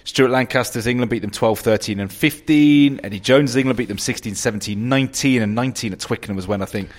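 A male podcast host who talks fast and keeps the chat moving with eager prompts. His voice sits at an ordinary middle pitch. He sounds keen to steer the conversation along. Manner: quick, eager questions and prompts. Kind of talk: casual conversational interview.

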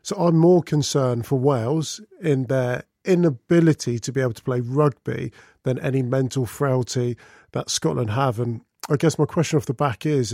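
A man, a pundit in casual chat, speaking in a measured, analytical way. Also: medium pitch, a little mellow, no room sound, studio quality.

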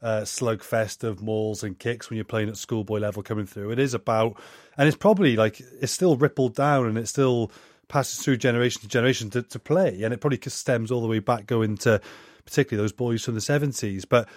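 A man from Wales, a pundit in casual chat, talking in an animated, explanatory way. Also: medium pitch, brisk, no room sound, clean studio sound.

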